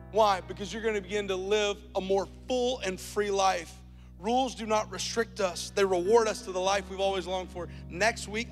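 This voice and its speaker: A man preaching a sermon as pastor, telling a story and building to loud, emphatic points. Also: high voice. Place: large church auditorium. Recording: church hall reverb with soft music.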